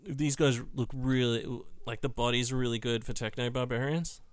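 A man's voice: medium pitch, fairly even intonation, moderate pace, clean tone, no echo. A man co-hosting a casual hobby chat, rambling with many fillers and swearing. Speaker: podcast co-host.

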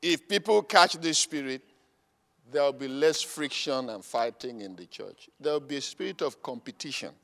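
A man preaching a sermon as the pastor, swinging between shouting and low, quiet remarks. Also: normal speed, creaky. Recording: long reverb of a large hall.

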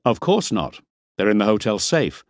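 Brief: male narrator doing a nervous hired guide, deferential but indignant, lowish and lively. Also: normal speed, no echo, clean studio sound. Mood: respectful indignation. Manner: respectful, indignant, a bit defensive.

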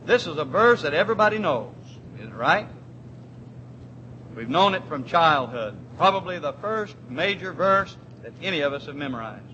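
Male preacher, high and bright, drawn-out scripture readings, light room rumble. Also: big pitch swings, muffled recording. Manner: emphatic preaching, repeats key words, slows on scripture. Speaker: pastor. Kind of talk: sermon.

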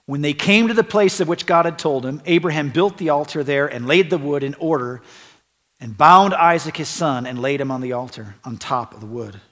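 A man's voice: a little high, normal speed, a bit bright, in a large hall. A male pastor preaching a sermon in an earnest, conversational way, repeating phrases for emphasis.

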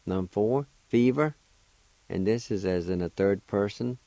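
A deep-voiced man hosts a language lesson, spelling words letter by letter and repeating every syllable slowly and patiently. The sound is close and dry, with no room around it. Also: warm tone, no echo, low-quality recording. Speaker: radio host teaching Cherokee words. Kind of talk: slow spelling and pronunciation lesson.

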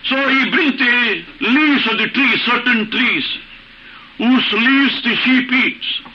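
A man's voice: extremely high pitch, takes it slowly. A man preaching a sermon, repeating phrases for emphasis and asking rhetorical questions. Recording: muffled old recording with faint hiss.

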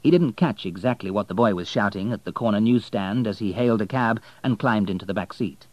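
Man, audiobook narrator, calm storytelling, dry close recording. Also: lowish voice, brisk, dry recording, lo-fi sound.

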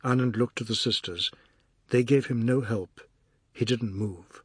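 Brief: male narrator, breathy texture, dead-dry booth, steady literary read. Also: medium pitch, no echo. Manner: measured, even storytelling. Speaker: audiobook narrator.

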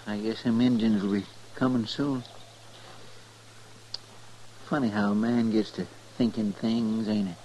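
An actor playing a folksy, simple-hearted deputy sidekick who chatters worriedly in ungrammatical country speech, in 1950s radio drama style. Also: male voice, on the low side, fairly even intonation, measured pace, pauses often, dark tone, slight background noise, lightly acted, low-quality recording. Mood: wistful.

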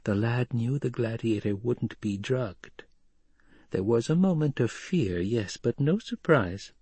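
A man voicing a cunning, scheming noblewoman in an audiobook, speaking soft, hushed and measured. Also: mid-range voice, lively intonation, husky, no echo. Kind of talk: audiobook character voice.

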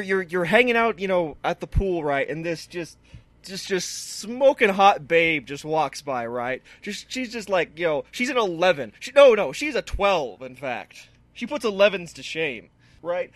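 A man's voice: sits high, big pitch swings, moderate pace, no room sound. A man co-hosting a comedy podcast, spinning absurd shock-humor bits with stammering restarts. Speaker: podcast co-host. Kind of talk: casual comedic podcast banter.

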